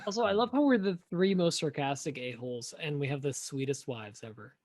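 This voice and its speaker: A man's voice: on the high side, brisk, darkish tone, no echo. A man co-hosting a podcast in casual chat, trading sarcastic jokes. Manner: sarcastic joking banter. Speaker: podcast co-host.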